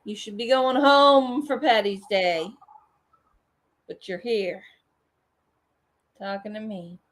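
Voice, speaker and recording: Woman, livestream host, casual chat, bawdy, swears, unhurried. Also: medium pitch, steady tone, fairly bright tone. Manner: bawdy, joking, swears freely.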